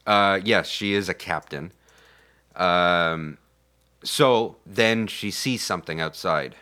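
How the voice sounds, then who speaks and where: A man's voice: sits low, takes it slowly, bright, forceful tone. A man co-hosting a podcast, recapping a movie in rambling casual chat with many fillers.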